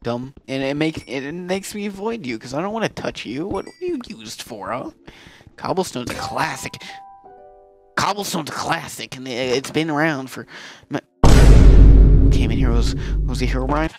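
A man rambling through casual gameplay commentary with a gravelly, fry-laden voice. His pitch swings around animatedly as he jokes and curses. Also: lively intonation, moderate pace, fairly bright tone, faint music behind. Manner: rambling, swearing, goofy. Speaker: let's player.

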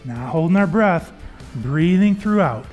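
A man's voice: on the high side, lively intonation, measured pace, darkish tone, lo-fi sound. A man leading a workout as a fitness coach, upbeat and encouraging as he counts reps and cues form. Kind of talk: workout instruction. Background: faint background music.

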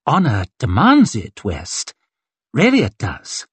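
A man's voice: medium pitch, wildly swooping pitch, slow pace, husky, dry recording, full character voice. A man reading an audiobook, voicing an arrogant, sneering male colonel and swordsman with a mocking, condescending drawl.

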